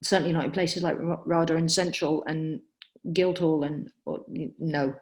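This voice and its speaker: A woman's voice: sits low, steady tone, normal speed, darkish tone. A middle-aged woman, an acting practitioner, giving direct, emphatic career advice on a webinar and answering questions with frequent ums. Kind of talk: webinar Q&A talk.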